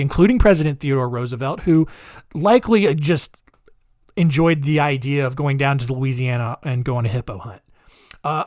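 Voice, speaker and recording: A male podcast host tells odd stories from history in a loose, rambling monologue and stops often for sarcastic jabs. His voice sits a little high for a man. The sound is very dry and close to the mic. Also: dry recording. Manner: chatty, rambling, sarcastic asides. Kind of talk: casual comedic monologue.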